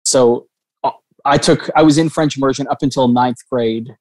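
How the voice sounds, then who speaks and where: A young man from Canada, a comedian, chats as a guest on a podcast. He speaks at an ordinary pitch, hesitates often, and corrects himself mid-sentence with a light laugh. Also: fairly even intonation, normal speed, a little mellow. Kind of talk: casual podcast chat.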